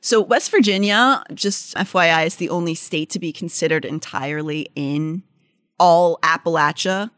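A woman's voice: fairly low pitch, moderate pace, fairly bright tone, dry recording, clean studio sound. A young adult woman with a Pittsburgh accent, co-hosting a podcast in a casual, chatty way, full of "like" and restarts as she reads out facts. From Pittsburgh area, United States. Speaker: podcast co-host. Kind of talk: casual chat mixed with read-out facts.

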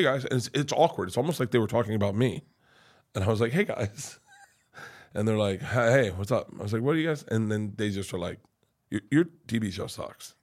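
A middle-aged man, a comedian guest, telling stories in a rambling, profane way with many restarts. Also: fairly low pitch. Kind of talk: casual storytelling chat.

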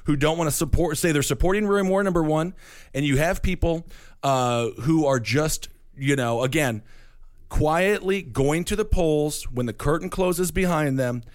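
A man's voice: a little high, moderate pace, dry recording, clean studio sound. A man with a Midwestern accent hosting casual political chat, rambling with wry asides and frequent restarts. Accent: Midwestern American. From Wisconsin.

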